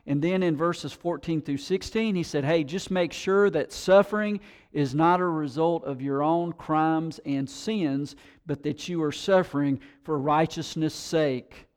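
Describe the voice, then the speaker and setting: A male pastor preaching a sermon, telling stories with animated emphasis and rising intensity. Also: on the high side.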